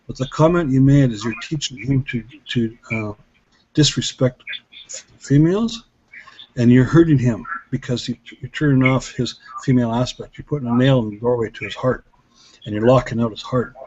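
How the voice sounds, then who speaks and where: A man's voice: medium pitch, moderate pace, darkish tone. Middle-aged man, earnest, reflective storytelling, dull lo-fi recording, faint background noise. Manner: earnest, reflective, with many restarts. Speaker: healer and guest speaker. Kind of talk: casual storytelling talk.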